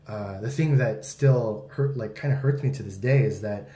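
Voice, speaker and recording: A man's voice: lowish voice, normal speed, dark tone, a little hiss or hum. A young man in casual conversation, telling a personal story earnestly and emotionally, with many fillers. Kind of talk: casual chat. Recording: roomy echo.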